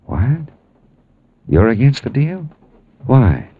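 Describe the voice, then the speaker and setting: An actor playing a wry, wisecracking private detective in an old radio drama, also narrating. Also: male voice, medium pitch, very animated, slow, slightly rough, heavily acted. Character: hard-boiled male private detective, wisecracking. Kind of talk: 1940s radio acting with narration. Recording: dull old radio broadcast with faint music.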